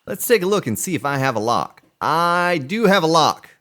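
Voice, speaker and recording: Male game streamer, casual chatty play-by-play, lively pitch. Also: normal speed. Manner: chatty, talks to chat viewers as he plays; animated, pitch jumps on exclamations. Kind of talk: live gameplay commentary.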